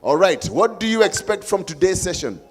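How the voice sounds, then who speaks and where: A man's voice: sits high, sing-song, moderate pace, breathy edge, faint music behind. A man with a Kenyan accent hosting a live forum, coaxing and playful with the audience. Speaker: event host.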